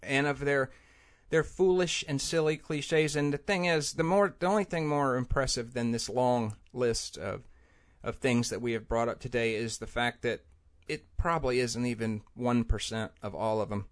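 A man hosts a podcast in casual chat, grumbling and rambling with many restarts. His medium-pitched voice moves at normal speed with few pauses. He's on a studio mic with headphones in a small room, air conditioner off.

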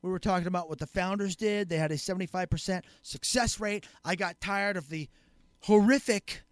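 A man co-hosting a podcast in a casual chat, animated and joking, acting out little scenes and getting loud. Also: high voice, a little fast, no echo. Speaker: guest co-host.

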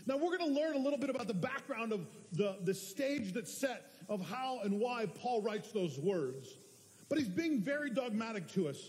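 A man, a pastor, preaching a sermon in an earnest, conversational way, pausing to correct himself. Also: high-pitched, a little mellow. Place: church sanctuary. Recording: long hall reverb.

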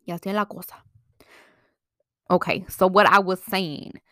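A young woman vlogger gives casual life advice to the camera in a mid-range, bright, forceful voice with fairly even intonation and a moderate pace. She's chatty and frank, swears freely, and, being bilingual, slips into Mexican Spanish now and then. The studio-quality recording has no room sound.

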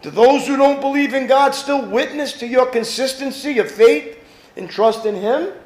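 Pastor guy preaching, real high voice that jumps all over, echoey room. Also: moderate pace. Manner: animated preaching, rhetorical questions to the congregation. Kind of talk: sermon.

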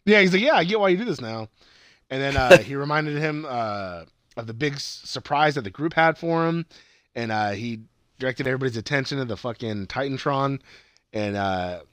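A man's voice: medium pitch, normal speed, smooth, no echo. Casual, swearing man recapping wrestling. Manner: swears a lot, rambling, excitable outbursts. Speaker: podcast co-host.

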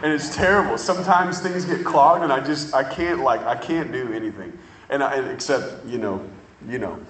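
Animated preacher man in an echoey hall. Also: mid-range voice. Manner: animated storytelling with drawn-out emphasis. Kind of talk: sermon.

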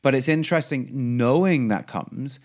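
A man with a medium-pitched, slightly mellow voice co-hosts a podcast at a normal speed, animated and enthusiastic. He gushes about beloved shows in a casual, rambling way with fillers and restarts.

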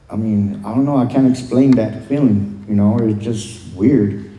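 Man, testimony style, very mellow dark tone, hesitant delivery. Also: mid-range voice. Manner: halting, full of "um" and "you know". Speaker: guest sharing his recovery story. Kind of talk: personal testimony. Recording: roomy echo.

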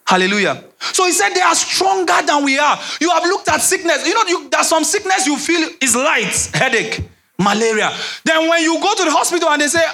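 Preaching with animation, this young Nigerian man speaks fairly quickly in a gravelly voice. He leans on repeated phrases and lowers his voice to perform the quotations in his sermon.

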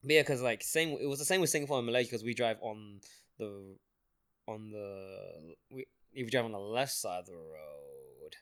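A man's voice: fairly low pitch, lively intonation, moderate pace, fairly bright tone, smooth. A young man guesting on a podcast, telling long stories in a rambling way with lots of fillers, restarts and frequent laughter. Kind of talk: casual podcast chat, storytelling.

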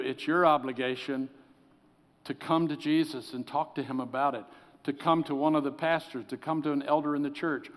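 Earnest preacher in a reverberant hall. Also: male voice, on the high side. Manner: earnest preaching, drops to soft pleading tones. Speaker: pastor. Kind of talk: sermon.

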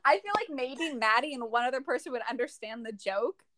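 A woman's voice: high voice, animated, a little fast, heavy background noise. A young woman co-hosting a podcast in casual chat, blunt and teasing. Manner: blunt, teasing, laughs often. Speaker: podcast co-host.

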